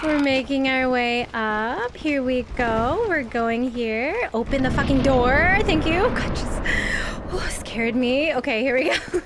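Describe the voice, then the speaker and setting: A woman's voice: sits high, lively intonation, slow, very noisy. A woman streaming a video game live, commenting as she plays, nervous and swearing, talking to the enemies on screen and laughing at her own fear.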